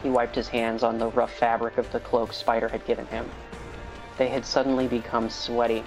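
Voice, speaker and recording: A man co-hosting a podcast, reading a story aloud in a steady storytelling manner. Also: medium pitch, moderate pace, over music. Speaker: podcast co-host. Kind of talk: reading fan fiction aloud.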